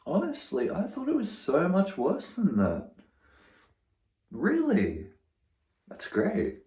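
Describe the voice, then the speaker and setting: A young man vlogging to camera in a rambling, sweary way, swinging between hushed and loud. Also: high-pitched, wildly swooping pitch, takes it slowly.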